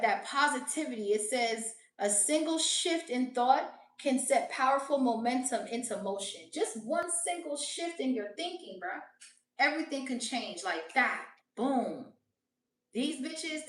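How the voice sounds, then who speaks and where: A woman with a fairly high voice gives a casual tarot reading, blunt and full of swearing, often breaking into laughter. She sits back from the mic in a roomy, echoing space. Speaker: tarot reader. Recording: roomy echo, voice distant from mic.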